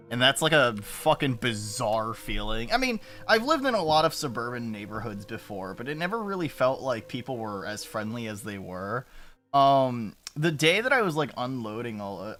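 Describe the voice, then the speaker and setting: A man's voice: medium pitch, sharp tone. A man streaming from his room on a desk mic, chatting in a rambling, self-interrupting way and swearing often. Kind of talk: casual live-stream chat. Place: home room. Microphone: desk mic with noise gate.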